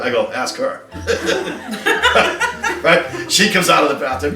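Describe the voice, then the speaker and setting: A middle-aged man spins a casual story about his marriage, acting out the quotes with laughter. His pitch swings widely. He is heard from a distance in a roomy space with music underneath. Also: wildly swooping pitch, slow, long pauses. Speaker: husband telling his love story. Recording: echoey room from afar with music.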